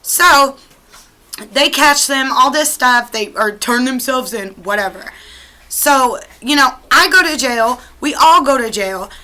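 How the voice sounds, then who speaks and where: A woman's voice: high voice, animated, unhurried, pushed and bright, rough recording. A young woman vlogger telling a storytime to her camera at home, chatty and profane, with lots of "like".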